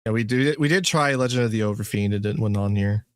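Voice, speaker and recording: A man's voice: on the low side, quick pace, dry recording, clean studio sound. A man co-hosting a podcast in casual chat, throwing in crude, teasing quips. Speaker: podcast co-host.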